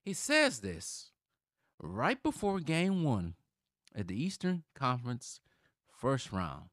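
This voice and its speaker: Slow-paced but full of huge pitch swings, this mid-range male voice belongs to a Milwaukee man in his thirties who hosts a sports channel. His opinions come out heated, and his rants turn loud and emphatic. Dry recording, clean studio sound.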